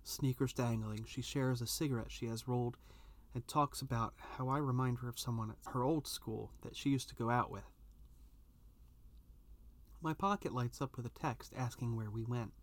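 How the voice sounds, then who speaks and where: A man's voice: mid-range voice, moderate pace. Man narrating a first-person story.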